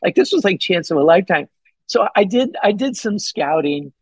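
Excitable high-voiced husky man. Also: normal speed, no echo, poor audio. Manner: excited, rambling storyteller with many "like"s and restarts; acts out his own past words with big pitch jumps. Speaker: podcast guest, bowhunter and pastor. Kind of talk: casual storytelling in an interview.

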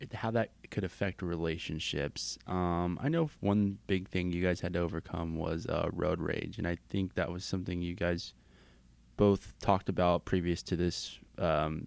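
A man hosts the interview in a deep, gravelly voice, prompting his guests casually and pausing on an um now and then. The recording is dry and close, with no room around it. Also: a little mellow, dry recording. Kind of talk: podcast interview questions.

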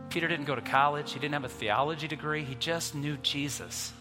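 A man in his fifties preaching a sermon, storytelling and moving between soft, quiet passages and emphatic ones. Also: fairly high pitch, steady tone, fairly quick, few pauses. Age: 50s. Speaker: pastor. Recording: music under voice, long reverb.

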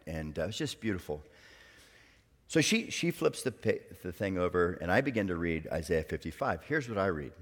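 Deep-voiced preacher in a reverberant hall. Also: male voice. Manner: storytelling, swings from hushed to loud and bright. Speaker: guest pastor. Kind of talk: sermon. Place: church hall. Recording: long reverb of a large hall.

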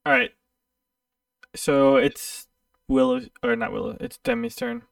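Man, game master, tabletop game, relaxed, hesitant, very high voice, gravelly, distant mic. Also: a little slow, dry recording. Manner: relaxed, hesitant, filler-heavy.

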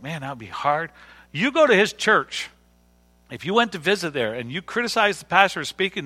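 A man's voice: high-pitched, pushed and bright. A middle-aged male pastor preaching a sermon in a folksy way, repeating words and using dry humor. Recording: long hall reverb.

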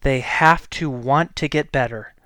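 Blunt, exasperated man with a smooth voice. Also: mid-range voice, a little slow, bright, forceful tone, no echo, clean studio sound. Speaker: healthcare provider. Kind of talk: opinion monologue.

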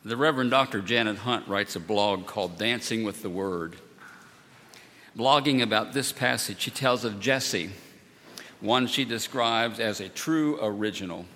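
Low-ish bright-voiced pastor guy preaching slow and solemn, lots of church echo. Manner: measured, solemn, emphatic repetition. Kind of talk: sermon. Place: church sanctuary. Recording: long church hall reverb.

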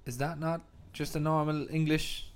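A man's voice: a little high, flat delivery, normal speed, slight background noise. An Irish man joining a podcast as guest co-host, teasing and playful in casual chat.

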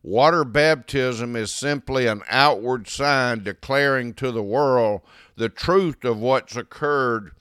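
Male preacher, slow and deliberate, clear resonant voice, dry close sound, emphatic expository sermon. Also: medium pitch, a bit bright, dry recording. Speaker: pastor.

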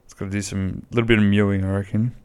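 A man's voice: fairly low pitch, flat delivery, quick pace, a little mellow, clear, resonant tone. A man, chatting casually and bluntly on his own podcast, rambling and swearing freely. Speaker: podcast host. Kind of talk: casual solo podcast chat.

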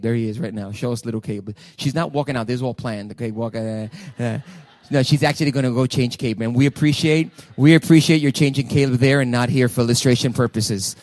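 A man preaching a sermon as pastor, emphatic, swinging between loud declarations and hushed asides. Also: medium pitch, dry recording, studio quality. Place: church sanctuary.

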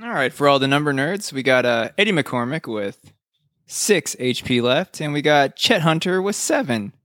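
A man's voice: on the high side, lively intonation, normal speed, a bit bright, no echo, studio quality. A man co-hosting a podcast, calling dice rolls with loose, swearing, jokey banter. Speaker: podcast co-host. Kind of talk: casual chat narrating a dice battle.

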